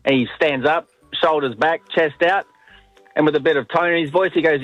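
A man calling into a radio show, telling a joke in a relaxed way and acting out the lines. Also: a little high, fairly quick, dry recording, lo-fi sound, faint music behind. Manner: relaxed storyteller, acts out the lines. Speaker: caller.

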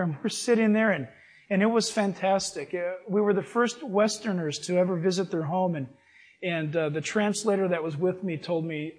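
A man preaching a sermon, reading scripture and telling personal stories in a lively, animated way. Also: high-pitched, normal speed. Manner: animated, acts out voices in his stories.

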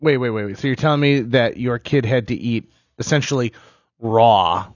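A man's voice: mid-range voice, moderate pace, no echo, highs cut off. A man, co-hosting a talk show with teasing, playful banter. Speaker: radio show co-host. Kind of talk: casual chat.

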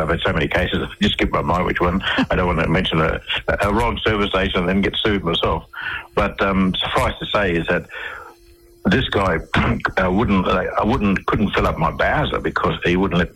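Low husky man. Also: a bit bright, poor audio. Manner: rambling anecdotes with frequent restarts. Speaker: interview guest. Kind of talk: radio interview storytelling.

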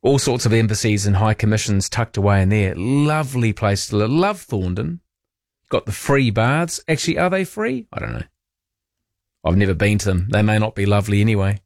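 Chatty New radio host, dry sound. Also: male voice, lowish voice, expressive, fairly quick, no room sound. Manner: chatty, teasing, self-mocking. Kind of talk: casual talkback chat.

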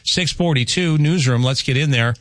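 A man's voice: mid-range voice, normal speed, a bit bright, no echo. Morning radio host, male, chatty and wry, dry studio sound. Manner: chatty, joking, reads listener texts aloud. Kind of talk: casual radio chat. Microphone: studio microphone.

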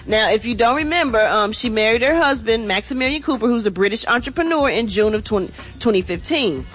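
A woman's voice: a little high, lively intonation, brisk, fairly bright tone, soft background music. Chatty woman radio gossip host. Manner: chatty, casual, addresses listeners as y'all. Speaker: entertainment news host. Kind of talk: radio morning show gossip segment.

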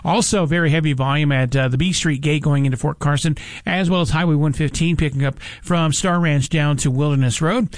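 Brisk male traffic reporter. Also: on the high side, no room sound, studio quality. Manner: brisk, matter-of-fact.

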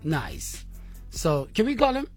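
A man's voice: fairly high pitch, wildly swooping pitch, slow, a little mellow, faint music behind. A man with a South African accent hosting a radio show, playful and teasing in his banter. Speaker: radio host.

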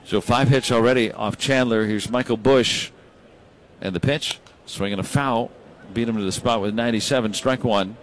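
A man calling baseball play by play, brisk and rising when big plays happen. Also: mid-range voice, a little hiss or hum. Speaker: play-by-play announcer.

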